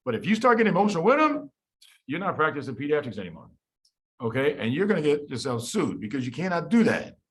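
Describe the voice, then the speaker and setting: Speaking quickly with a voice on the high side, big pitch swings, and a touch of brightness, a south side Chicago man gives an informal medical talk. He narrates stories conversationally, acting out each person he quotes.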